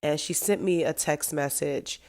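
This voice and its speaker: A woman's voice: low-pitched, measured pace, darkish tone. A middle-aged woman hosting her own podcast, talking through her thoughts in a candid, heartfelt solo monologue that turns emotional at times. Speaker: podcast host.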